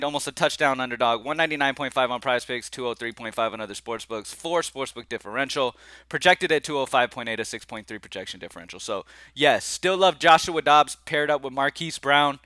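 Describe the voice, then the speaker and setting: A man's voice: medium pitch, sharp tone, dry recording. A man hosting a sports betting picks channel, talking casually and rambling with lots of fillers. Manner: laid-back, chatty, rambling with fillers and y'all. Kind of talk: casual vlog-style talk to camera.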